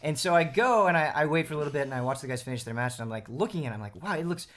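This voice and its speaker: A man's voice: mid-range voice, rapid-fire. A young man on a gaming panel show, eagerly telling a story and acting out the lines of the people in it. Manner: animated, acts out quotes. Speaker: regular panelist. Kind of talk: excited storytelling chat.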